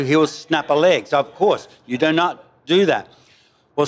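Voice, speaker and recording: A man, relaxed and anecdotal, answering questions about spearfishing with a story. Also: medium pitch. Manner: relaxed, anecdotal, casual mild swearing.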